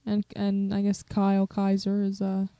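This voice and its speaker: A woman's voice: medium pitch, monotone, normal speed, dark tone, no echo. A woman co-hosting a podcast in casual chat, speaking hesitantly with many fillers. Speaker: podcast co-host.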